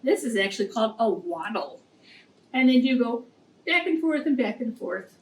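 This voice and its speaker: A woman reading a picture book aloud to young children, gently explaining words as she goes. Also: on the high side, sing-song, moderate pace. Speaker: preschool teacher. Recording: echoey room, distant mic, faint noise.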